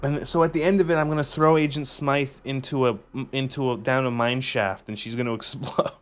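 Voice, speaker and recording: A man's voice: mid-range voice, fairly even intonation, fairly quick. A man streaming a game and commenting casually, rambling, laughing often and swearing.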